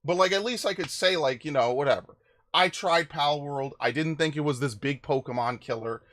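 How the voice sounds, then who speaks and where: A man's voice: on the high side, moderate pace, fairly bright tone. A man live-streaming a video game, ranting angrily with lots of swearing and stumbling restarts. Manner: angry profane ranting with repeated restarts. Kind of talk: live gameplay stream commentary.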